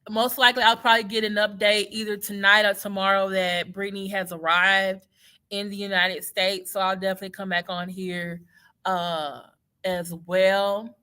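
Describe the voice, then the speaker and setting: A woman's voice: medium pitch, moderate pace, clean tone. A woman from Houston with a Texas Southern accent, a teacher talking casually and sarcastically on a livestream, wandering off on tangents. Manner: animated, sarcastic, digressive.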